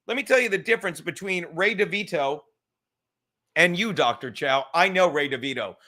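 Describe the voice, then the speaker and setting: A high, bright-toned man with a New York accent rants through a livestream podcast. He swears constantly and wanders off on tangents. His voice jumps from shouting at viewers to low, mumbled asides. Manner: loud, swearing, rambling, shifts from shouting to mumbling. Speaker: podcast host. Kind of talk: profane livestream rant.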